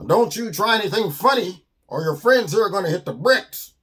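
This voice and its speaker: A man's voice: sits high, lively intonation, normal speed, a bit bright, husky, full character voice. Sly, a man doing a scheming fox villain. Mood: menacing. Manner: threatening, bossy.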